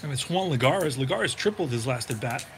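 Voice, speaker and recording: A man calling the play-by-play of a tabletop baseball game he plays himself, in a relaxed, chatty way that drifts into thinking aloud. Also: medium pitch, fairly quick, noisy background.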